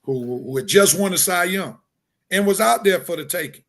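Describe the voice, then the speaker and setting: A man co-hosting a sports talk stream, giving measured, analytical takes in casual chat. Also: high-pitched, lively intonation, fairly bright tone. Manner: measured and analytical, with fillers and restarts. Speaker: sports show co-host. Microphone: video call.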